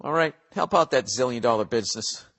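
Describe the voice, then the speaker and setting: A man's voice: mid-range voice, expressive, brisk, fairly bright tone, husky, in a large hall. A man hosting a podcast, delivering a profane, digressive comedic monologue. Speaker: podcast host.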